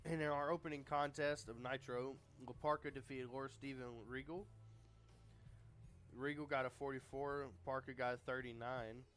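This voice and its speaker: A man giving relaxed, casual narration of a game he is playing, recapping events as they come. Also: mid-range voice, moderate pace. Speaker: gaming YouTuber.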